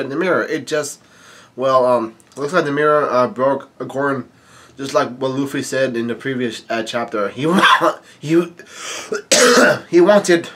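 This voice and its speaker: Hosting a manga read-along, this man speaks in a medium-pitched, somewhat bright voice. He reads lines aloud, then wanders through his commentary with plenty of fillers and restarts.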